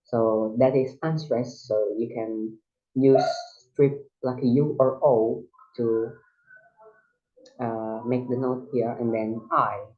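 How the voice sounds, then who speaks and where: Slow, halting man explaining a lesson. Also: mid-range voice, fairly even intonation. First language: Indonesian. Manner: halting, with many restarts and fillers, explaining step by step. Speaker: student teacher. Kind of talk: recorded classroom lesson. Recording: dull lo-fi recording.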